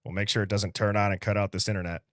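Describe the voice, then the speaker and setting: Chatty Midwestern man, low dry voice. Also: little pitch movement, dry recording. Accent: American Midwest. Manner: upbeat, chatty, quick shout-outs with light laughs. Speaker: livestream host. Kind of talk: casual chat reading viewer comments.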